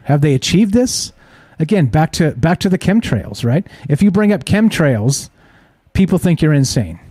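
Male streaming host, mellow slightly high voice, skeptical rhetorical delivery, dry close recording. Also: dry recording. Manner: skeptical, rhetorical, keeps asking the audience "right?". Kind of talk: live-streamed talk show monologue.

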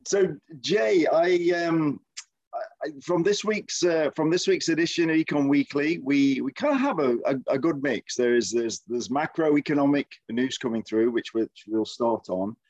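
This podcast co-host, originally from England's Midlands and living in Texas, speaks in a high-leaning, darkish, animated voice at normal speed. The audio is dull with no echo, and his casual chat is hesitant, packed with fillers and restarts.

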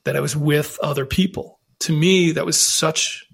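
A man's voice: fairly high pitch, steady tone, moderate pace, vocal fry, breathy edge. A man telling his own story as a podcast guest, in an earnest, reflective way with frequent restarts. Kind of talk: candid conversational storytelling.

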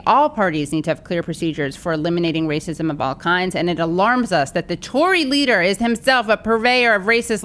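A woman's voice: mid-range voice, a bit bright, clean tone. A wry, chatty woman co-hosting a podcast, reading a letter aloud and trading jokey asides. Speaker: podcast co-host.

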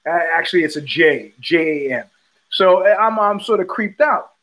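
Older guy hosting a podcast, fairly high voice, rambles, says uh a lot, acts out the people in his stories. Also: normal speed, rough recording. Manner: rambling, many restarts and fillers, animated quoting. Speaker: podcast host. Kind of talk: casual storytelling monologue.

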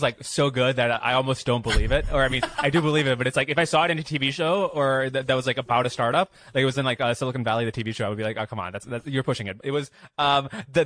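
A man's voice: mid-range voice, fairly bright tone. A man hosting a podcast interview, asking questions in a casual, chatty way with many fillers. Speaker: podcast host.

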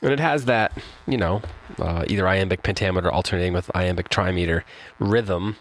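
The audio is poor as a deep-voiced poetry podcast host talks fairly quickly and informally about a poem, stumbling through fillers and restarts, then reads the piece aloud at a slow pace.

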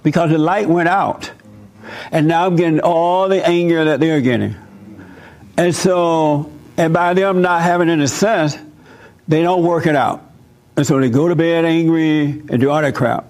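An older man preaches to a room at a moderate pace, his voice a bit higher than most men's. His sermon is lively and conversational, and he animatedly tells a story, slipping into the voices of its characters as a role-play demonstration.

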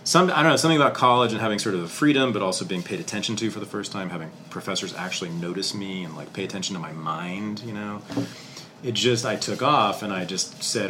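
A middle-aged man, a historian, telling his life story in a casual interview, candid and animated, swearing casually. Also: fairly low pitch, fast, slight background noise.

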